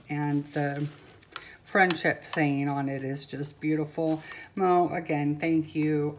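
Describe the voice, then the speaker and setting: Older woman, home unboxing vlog, slow-paced, low-ish voice, sentimental, lots of pauses and fillers, faint background noise. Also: a little mellow. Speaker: vlogger. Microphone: camera mic.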